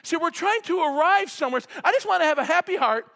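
A man preaching a sermon, fervent and often yelling with excitement. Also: extremely high pitch, quick pace, creaky. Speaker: pastor. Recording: preacher in a hall with long reverb.

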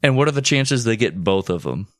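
Deadpan wisecracking man. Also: on the low side, brisk, no echo, studio quality. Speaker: podcast co-host. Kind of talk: comedic banter.

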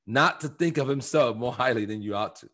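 A man co-hosting a church podcast, talking through Bible verses in an emphatic, animated preaching manner. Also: medium pitch, brisk. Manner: emphatic, animated, quotes scripture with rising fervor. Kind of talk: preaching conversational Bible talk.

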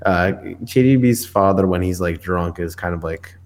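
A man's voice: deep voice, moderate pace, darkish tone. A young man, co-hosting a casual podcast and recapping a comic in a rambling, filler-heavy way. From New York. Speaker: podcast co-host. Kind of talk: casual chat.

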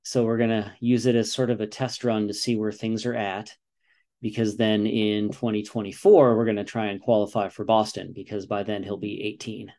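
Man in his forties, American, mellow warm voice, earnest, explaining patiently. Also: on the low side, flat delivery, normal speed. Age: 40s. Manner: earnest, explaining with repeated "you know". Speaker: guest, father and runner. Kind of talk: casual interview talk.

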